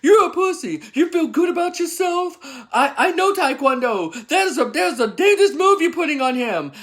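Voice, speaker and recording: A man mimicking an angry adult male bystander who yells taunts and stammers. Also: medium pitch, big pitch swings, normal speed, pitched below the performer's own voice, lightly acted. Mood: taunting.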